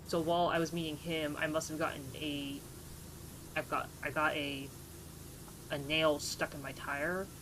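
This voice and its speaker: During a live game stream, a streamer chats casually, telling a rambling, filler-packed story with a playfully sarcastic edge. The voice is medium-pitched, with a noisy background.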